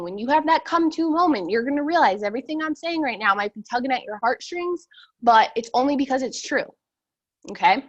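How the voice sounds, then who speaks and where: A young woman with a fairly high voice gives a blunt, animated motivational talk over a video call. She rambles and circles back with plenty of fillers, then hits her points hard and straight. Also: lo-fi sound. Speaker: sales team leader.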